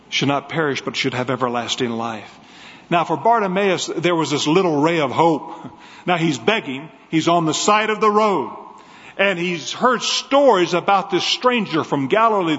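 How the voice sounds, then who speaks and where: An evangelist preacher delivers a sermon, telling a story with great passion in an impassioned storytelling style. His male voice runs on the high side and a bit bright, and the recording has a dull, echoey sound from a large hall.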